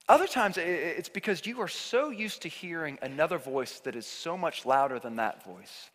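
Man, pastor, sermon, high lively voice, bright tone, echoing church hall. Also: moderate pace, few pauses. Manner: earnest, emphatic, repeats for emphasis. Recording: long hall reverb.

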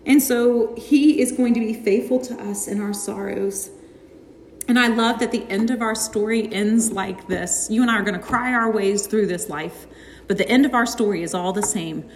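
A woman's voice: mid-range voice, normal speed, slight background noise. A young adult woman preaching, earnest and heartfelt, sometimes slipping into casual asides. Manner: earnest, heartfelt, warmly conversational. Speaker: speaker teaching on suffering. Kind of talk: sermon. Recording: echoey hall with long reverb.

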